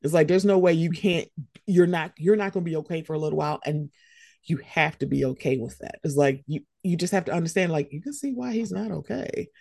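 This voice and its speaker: A woman co-hosting a casual conversation podcast, talking in an animated way and acting out quoted reactions with big jumps in pitch. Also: fairly quick, vocal fry, no room sound, clean studio sound. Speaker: podcast co-host.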